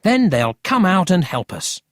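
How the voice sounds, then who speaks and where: A narrator voicing a cheeky, excited city boy in a storybook reading. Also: medium pitch, a little slow, no room sound, studio quality, pitched above the performer's own voice.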